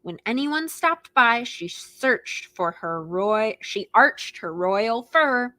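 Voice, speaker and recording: A woman librarian reading picture books aloud to preschoolers in an animated, expressive way, gasping and making animal noises. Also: on the high side, slow, few pauses, dry recording. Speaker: children's librarian hosting storytime.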